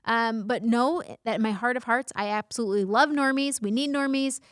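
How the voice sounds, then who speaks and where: A woman in her thirties hosts her own casual vlog, speaking straight to the camera. Her voice sits a little high, and her delivery is bubbly and playful, full of jokey asides. The sound is close and dry, with almost no room echo. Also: a little fast, clear, resonant tone. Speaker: vlog host. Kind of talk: casual talking-head vlog.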